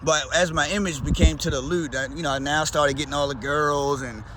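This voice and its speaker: A man's voice: a little high, fairly even intonation, brisk, background noise. A man with a Baltimore accent, talking in a loose, slangy, rambling way as a vlogger. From Baltimore, USA. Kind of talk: casual rambling chat.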